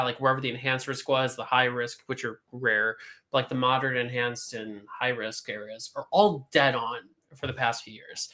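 A woman who chases storms, chatting casually and swearing freely as she explains weather forecasts to her co-hosts. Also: normal speed. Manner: swearing, animated, gets louder and higher when excited. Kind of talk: casual podcast banter.

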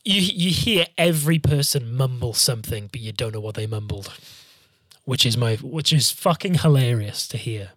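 A man's voice: medium pitch, lively intonation, moderate pace, fairly bright tone, dry recording, studio quality. A man telling long, jokey travel stories in casual chat, swearing freely and rambling.

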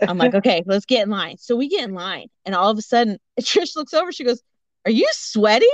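A woman co-hosting a podcast, telling a story in casual chat, animated, laughing often and acting out what people said. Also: medium pitch, fast, no room sound. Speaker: podcast co-host. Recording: dull lo-fi audio.

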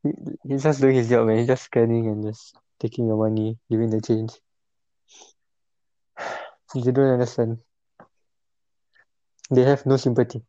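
A man's voice: medium pitch, level tone, unhurried, long pauses, mellow, no echo, highs cut off. A young man from Singapore with a Singaporean English accent, co-hosting a casual late-night podcast chat in a laid-back, chatty way. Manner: laid-back, chatty, drops into mock voices. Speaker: podcast co-host.

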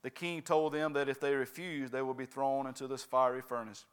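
Preacher with a smooth voice. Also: male voice, mid-range voice, flat delivery, fairly quick. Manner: repeats "right?" and "amen?" to the congregation. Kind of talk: sermon.

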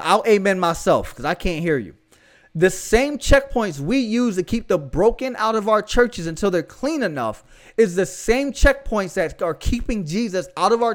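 Young southern guy preaching hard, kinda high voice, talks like he's chatting with the crowd. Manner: fervent, conversational preaching with slang asides. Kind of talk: podcast sermon.

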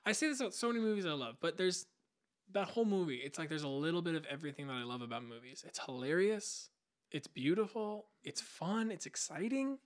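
A man's voice: on the high side, expressive, fairly quick. A young man co-hosting a podcast, chatting casually and enthusiastically, rambling and acting out movie scenes. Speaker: podcast co-host. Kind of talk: casual chat.

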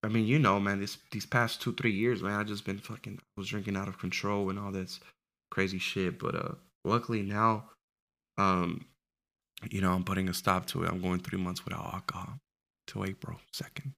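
A man in his twenties telling a story in casual, profane chat, lively and laughing as he goes. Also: deep voice, normal speed, vocal fry. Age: 20s. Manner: animated, profane, laughs while telling stories.

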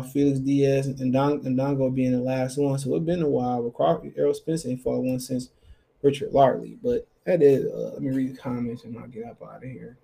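Gravelly, dark-voiced man chatting boxing. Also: mid-range voice. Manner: loose, slangy, thinks aloud. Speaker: podcast host. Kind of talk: casual solo boxing talk.

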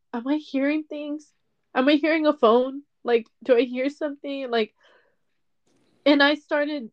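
A young woman tells her own story into a dull, lo-fi mic, her voice a little high and often close to tears. She talks candidly and emotionally, swearing freely as she goes. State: tearful. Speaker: podcaster. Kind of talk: personal storytelling monologue.

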